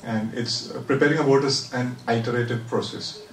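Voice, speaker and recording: Sailor, chatty and self-deprecating, recorded far away in a reverberant space. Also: male voice, mid-range voice, fairly even intonation, fairly quick, slight background noise. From India. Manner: chatty and self-deprecating, laughs often, many "uh" fillers. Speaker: solo sailor interviewee. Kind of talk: casual interview answers. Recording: roomy and distant.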